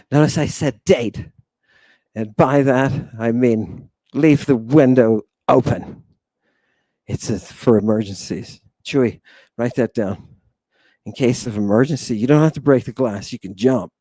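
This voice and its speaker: A man with a medium-pitched, slightly mellow voice, recorded dry, teaches a jokey livestream lesson as an online language teacher. He is theatrical and playful, joking around and calling out to his viewers as people.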